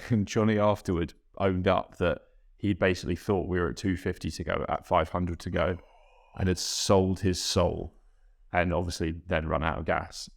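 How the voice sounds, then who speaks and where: A young man, a guest rower, reflecting in a halting, self-correcting way in a casual podcast interview. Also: low voice, vocal fry.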